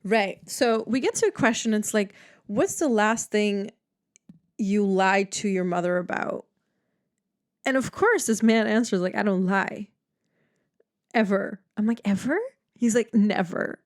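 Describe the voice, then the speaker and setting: A woman's voice: medium pitch, measured pace. Young woman podcaster, rambly and chatty, tons of "like"s, laughs a lot. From Netherlands. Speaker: podcast host. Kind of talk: solo casual podcast chat.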